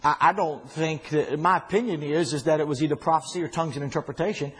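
A man teaching a Bible study in an animated, folksy way, often repeating himself. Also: a little high, fast, husky.

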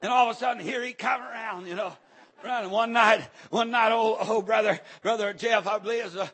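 Middle-aged male preacher, husky high voice, shouts between amens, rambling revival sermon. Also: steady tone, a little fast.

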